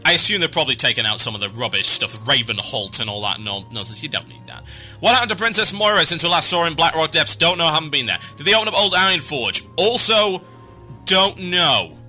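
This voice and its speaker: A man hosting a podcast, chatting briskly and wryly while he plays a game. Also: a little high, animated, pushed and bright, faint music behind. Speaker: podcast host. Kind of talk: casual gaming podcast chat while playing.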